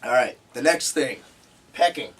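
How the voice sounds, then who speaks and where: A man's voice: mid-range voice, measured pace, a bit bright, husky. A man teaching a live seminar to a group, emphatic and repeating key points, recorded from a distance. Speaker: seminar instructor.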